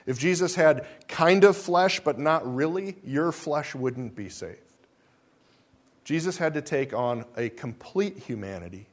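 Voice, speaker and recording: Emphatic male preacher. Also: medium pitch. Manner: emphatic, rhetorical questions to the congregation; wide swings between soft and loud. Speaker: pastor. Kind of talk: sermon.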